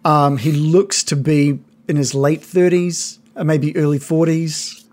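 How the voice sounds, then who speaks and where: A game master runs a tabletop game at a middle pitch. The narration is hesitant and filled with ums and restarts, relaxed and unpolished. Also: measured pace.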